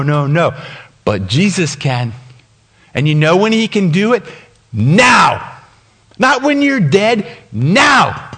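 A man preaching a sermon as pastor, telling a story and acting out the dialogue with laughs along the way. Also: high voice. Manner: animated, acts out dialogue with laughs. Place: church sanctuary.

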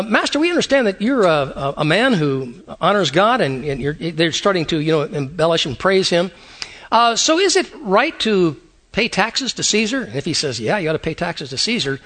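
A man preaching a sermon, animated and conversational, with repeated phrases and quick asides. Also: high voice. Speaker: pastor.

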